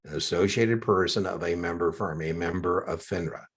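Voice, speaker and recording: Older male tutor, low husky voice, chatty storyteller, video call sound. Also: moderate pace. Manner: chatty, jokey asides. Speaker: exam prep tutor. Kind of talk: one-on-one tutoring session.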